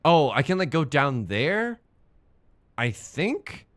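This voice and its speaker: A man's voice: fairly high pitch, big pitch swings, slow, fairly bright tone. A young man streaming a game, chatting casually in a rambling, self-mocking way and swearing when the game frustrates him. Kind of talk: casual gaming stream chat.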